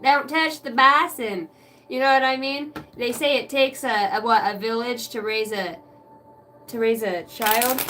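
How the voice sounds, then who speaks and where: A woman's voice: on the high side, a bit bright, recorded from a distance, a little hiss or hum, rough recording. A woman hosting a card-reading livestream, venting in a rambling, profane way and chatting with viewers by name. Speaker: oracle card reader and livestream host. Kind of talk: casual livestream rant.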